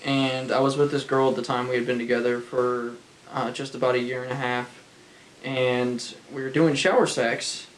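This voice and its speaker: A man's voice: medium pitch, little pitch movement, moderate pace, echoey room, a little hiss or hum, low-quality recording. A man co-hosting a casual podcast, reacting with laughs and short quips. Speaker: podcast co-host. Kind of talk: casual chat.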